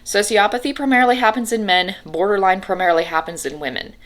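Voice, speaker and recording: Speaking quickly in a mid-range voice, a woman talks to the camera in a casual vlog, rambling, restarting often and playing out her frustrations.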